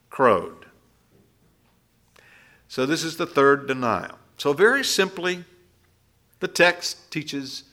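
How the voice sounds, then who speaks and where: Guy doing slow bible teaching, bright voice, really expressive ups and downs. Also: on the high side. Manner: unhurried explaining, with lively rises and drops.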